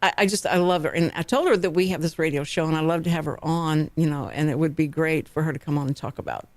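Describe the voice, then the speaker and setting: A woman with a Texan accent hosting a local morning radio talk show, telling stories in a chatty, animated way. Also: low voice, fast talker, no echo. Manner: chatty, animated storytelling with laughs. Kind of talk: casual radio chat. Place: radio studio. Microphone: studio microphone.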